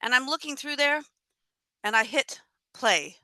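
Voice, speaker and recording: A woman telling a tall tale at a live storytelling event, animated and acting out her own thoughts and dialogue. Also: a little high, moderate pace, no room sound.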